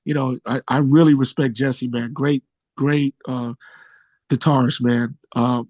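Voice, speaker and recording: A man's voice: unhurried, no echo. A middle-aged man, a musician, telling stories casually in an interview, acting out what people said with big jumps in his voice. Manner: animated storyteller, acts out quotes with big pitch jumps.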